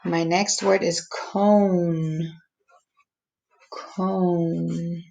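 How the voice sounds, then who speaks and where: A woman teacher slowly walking young students through a phonics lesson, stretching out each word's sounds. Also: mid-range voice, fairly even intonation, vocal fry, slight background noise, low-quality recording. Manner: slow, patient, stretching out each word sound.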